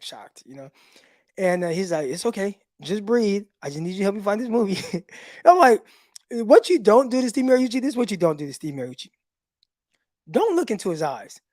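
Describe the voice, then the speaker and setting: A man hosting a casual livestream, telling stories in an animated way with laughs, talking into a phone. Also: high-pitched, dry recording, studio quality. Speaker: podcast host and former football player.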